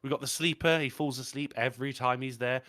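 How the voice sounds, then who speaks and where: A man's voice: mid-range voice, fast talker, dry recording, clean studio sound. A man co-hosting a casual podcast, telling pub stories with lots of swearing and laughter. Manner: animated storyteller, swears a lot, laughs often. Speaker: podcast co-host. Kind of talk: casual chat.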